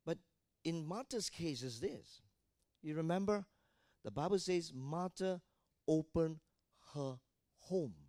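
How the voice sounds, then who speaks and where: A man preaching a sermon as pastor, asking rhetorical questions and building to shouted fervor. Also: fairly high pitch, no echo, clean studio sound.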